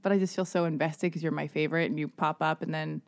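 A woman's voice: low-pitched, steady tone, quick pace, dry recording, clean studio sound. A woman hosting a podcast, chatting casually in a rambling, giggly, teasing way. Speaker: podcast host. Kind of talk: casual chat.

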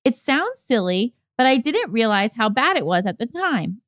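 A woman's voice: on the high side, very animated, moderate pace, fairly bright tone, no room sound, studio quality. A young woman co-hosting a podcast in casual chat, giggly and playful, reading a listener's letter aloud. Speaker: podcast co-host.

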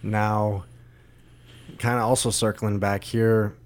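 A man with a fairly low voice hosts a casual podcast. He asks his questions loosely and conversationally, keeping the talk relaxed. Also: takes it slowly. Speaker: podcast host.

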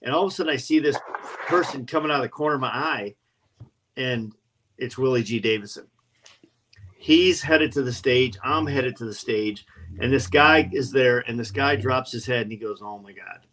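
A man's voice: medium pitch, moderate pace, a bit bright, slight background noise, poor audio. A man, a podcast guest, telling anecdotes in casual talk and acting out the quoted voices. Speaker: guest, custom motorcycle builder.

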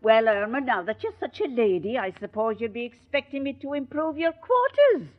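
Brief: brassy middle-aged landlady, very animated, old radio comedy. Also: a little high, normal speed. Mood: wry. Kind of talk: 1940s radio sitcom acting. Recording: dull old radio recording.

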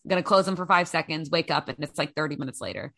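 A woman's voice: sits low, fast talker, vocal fry, fairly bright tone, no room sound, clean studio sound. A young adult woman co-hosting a casual podcast chat, telling rambling, self-mocking stories about herself. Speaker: podcast co-host.

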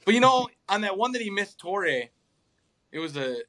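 Young man, high voice, bright tone, casual sports chat, ranting, exasperated. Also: normal speed. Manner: animated, swearing, exasperated ranting. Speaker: podcast co-host.

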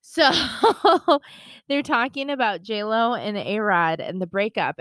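A woman co-hosting a casual podcast chat, telling an animated story and swearing with indignation. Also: on the high side, slow pace, no echo. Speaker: podcast co-host.

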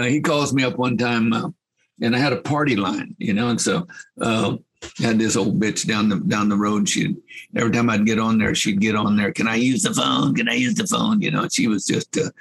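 An older man telling folksy, rambling anecdotes as a guest. He laughs at his own tales and fills pauses with fillers. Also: lowish voice, vocal fry, husky, low-quality recording.

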